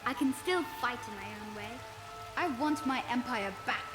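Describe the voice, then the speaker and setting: A woman's voice: a little high, animated, moderate pace, natural voice. A woman voicing a young boy emperor with a forced British accent. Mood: earnest. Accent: put-on British-sounding accent. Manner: formal, urgent, pleading. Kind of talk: video game voice acting. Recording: roomy game audio with loud music.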